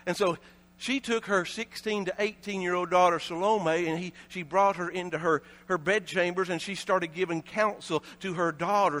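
A man with an Appalachian accent preaching a sermon, telling the story dramatically, swinging between shouting and low hushed tones. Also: fairly even intonation, normal speed.

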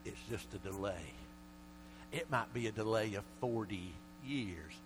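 A male preacher delivering a sermon, swinging from quiet, low passages to loud shouted calls and often repeating words. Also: unhurried. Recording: mains hum under the voice.

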